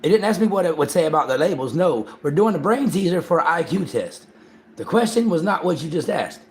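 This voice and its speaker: A man hosting a livestream in casual chat, excitable and profane, repeating himself and talking over others. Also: fairly high pitch, fairly quick. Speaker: livestream host.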